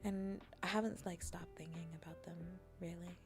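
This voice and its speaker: A woman with a low, gravelly voice chatting softly to her viewers, often dropping to a half-whisper. She teases in a playful, mock-taunting way, and faint music plays behind her. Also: steady tone, moderate pace. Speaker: streamer hosting a chat stream. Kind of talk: soft-spoken casual chat.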